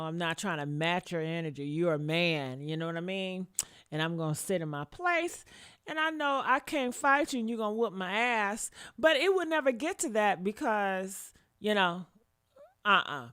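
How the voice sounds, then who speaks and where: A woman's voice: fairly low pitch, lively intonation, moderate pace, fairly bright tone, clean tone. A woman in her fifties giving casual live commentary on a crime case, blunt and profane, talking straight to her viewers. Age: 50s. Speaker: commentary vlogger.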